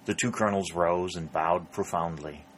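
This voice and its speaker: A man narrating an audiobook in a steady, measured reading. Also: low voice, a little hiss or hum.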